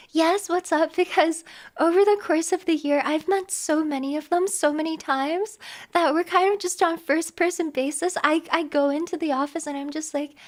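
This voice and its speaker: A young woman streamer chatting casually with her viewers, giggly and animated, with lots of quick restarts. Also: very high-pitched. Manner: giggly, animated, talks fast with many restarts. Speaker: live streamer.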